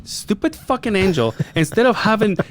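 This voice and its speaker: A man's voice: high voice, sing-song, normal speed. A man co-hosting a podcast, telling a story in a loose, profane, laughing way. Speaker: podcast co-host. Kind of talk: casual storytelling chat.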